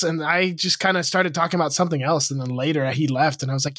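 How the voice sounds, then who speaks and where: A man's voice: on the high side, fast, hardly any pauses, no echo, clean studio sound. Teasing young man, raised voice. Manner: wry, teasing, breaks into animated rants. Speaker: podcast co-host. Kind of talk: casual chat.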